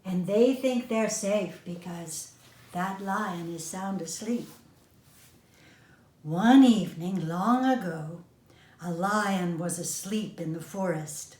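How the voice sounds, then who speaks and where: An older woman reading a children's story aloud in a gentle, expressive way. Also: medium pitch. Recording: echoey room.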